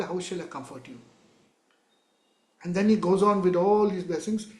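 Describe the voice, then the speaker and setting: A man teaches a Torah class in a high voice, pressing points by repeating words and reciting verses before explaining them. The room around him rings with echo. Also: normal speed, pauses often. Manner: emphatic, repeats words, switches between Hebrew verses and English.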